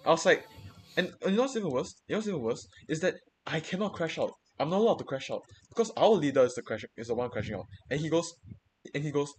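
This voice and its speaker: A man's voice: a little high, animated, fast talker, faint music behind. A young man venting in casual chat, swearing freely and rambling through many restarts and repeated words.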